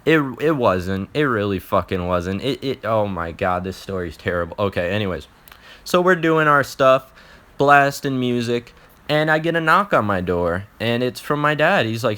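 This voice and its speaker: A man's voice: mid-range voice, expressive, moderate pace, bright, forceful tone. A young man telling an embarrassing personal story in a casual, profane vlog, often restarting his sentences.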